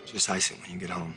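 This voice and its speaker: Ben, a kind, deep-voiced friend. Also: male voice, noisy background. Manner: gentle, reassuring, lightly teasing. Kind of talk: TV drama acting.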